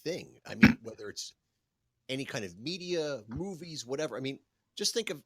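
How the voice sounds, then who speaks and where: A man from Pennsylvania co-hosting a podcast, tossing off quick, crude jokes in casual banter. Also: medium pitch, sing-song, a bit bright, slightly rough, dry recording, clean studio sound. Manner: wisecracking, quick jokey asides. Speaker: podcast co-host.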